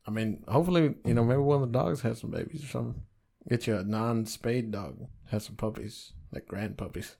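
A middle-aged man co-hosting a podcast, telling stories in casual chat, heavy on profanity and animated. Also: fairly low pitch, moderate pace, gravelly. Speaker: podcast co-host.

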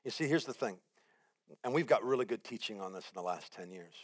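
Man preaching with animated storytelling. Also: lowish voice, a little fast, breathy edge. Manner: animated storytelling, acts out his own panic and quotes; builds repeated phrases into rising emphasis. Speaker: guest preacher. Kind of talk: sermon.

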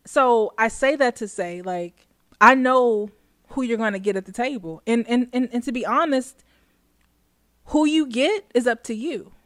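A woman's voice: a little high, unhurried, no echo, clean studio sound. A woman co-hosting a casual talk show, reflective and laughing often, restarting her sentences as she thinks. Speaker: podcast co-host. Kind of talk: casual chat.

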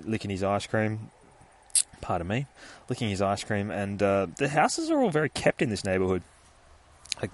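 A man in his thirties hosts a podcast, rambling and swearing casually while reviewing a comic book. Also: on the low side. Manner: rambling and sweary, with many fillers. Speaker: podcast host.

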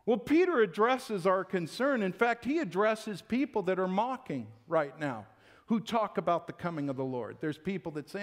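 A man's voice: high-pitched, animated, normal speed. A male pastor preaching a Sunday-morning sermon in an emphatic, conversational way.

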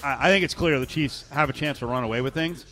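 A man hosting a casual sports talk show, brisk and opinionated as he leads the segments. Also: mid-range voice, sharp tone, soft background music. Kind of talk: casual sports radio chat.

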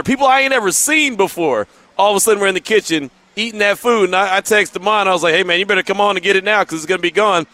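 Animated, bright-voiced male radio host. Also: high voice, dry recording. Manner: animated, laughing, chatty storyteller. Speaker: radio pregame show host. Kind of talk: casual sports radio chat.

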